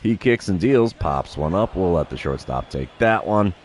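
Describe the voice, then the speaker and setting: Deep-voiced man calling his own baseball game. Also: lively intonation, normal speed, slight background noise. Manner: announcer-style calling of pitches and stats, self-deprecating asides. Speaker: gaming streamer. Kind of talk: play-by-play commentary of his own video game.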